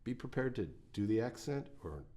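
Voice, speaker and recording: A man's voice: medium pitch, lively intonation, normal speed, dark tone. A man teaching a guitar lesson, talking through picking exercises in a plain, encouraging way with the odd folksy quip. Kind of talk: instructional lesson.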